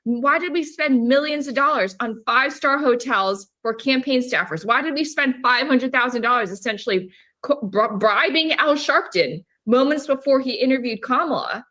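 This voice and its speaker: Woman, TV interview guest, fundraiser, indignant, emphatic, slightly high voice. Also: lively intonation, normal speed, fairly bright tone.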